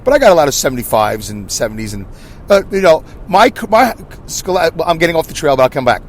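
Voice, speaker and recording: Loud New York man in his fifties. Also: a little high, very animated, fast talker, a little hiss or hum. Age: 50s. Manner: loud, rambling, self-deprecating. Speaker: podcast host. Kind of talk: casual monologue.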